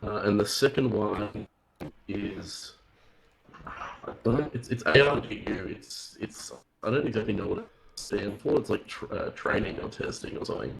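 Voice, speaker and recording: A low-voiced man with a gravelly, creaky edge, talking on a gaming podcast call. He explains slowly and haltingly, stopping, restarting and filling gaps with uh. The tone stays casual throughout. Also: crowd noise, poor audio. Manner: halting and hesitant, restarts, fills with uh.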